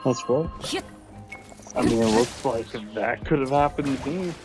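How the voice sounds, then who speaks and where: A man's voice: medium pitch, unhurried, over music. A man chatting casually on a late-night stream, laid-back, rambling and often restarting his sentences. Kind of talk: casual chat.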